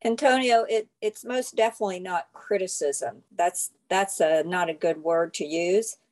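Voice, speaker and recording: A woman's voice: lowish voice, moderate pace. A woman in a group discussion, making her point firmly. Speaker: group member.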